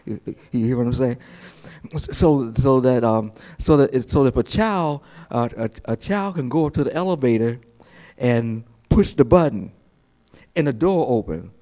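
A man preaching a sermon as pastor, jumping from slow, hushed quoted lines to high, lively preaching and often repeating his words. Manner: repeats words and restarts phrases.

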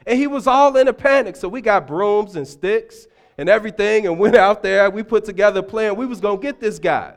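A middle-aged man preaching a sermon in church, telling stories with humor and sudden loud bursts. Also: sits high, brisk, few pauses. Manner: animated storytelling, humorous asides, loud bursts. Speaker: deacon preaching.

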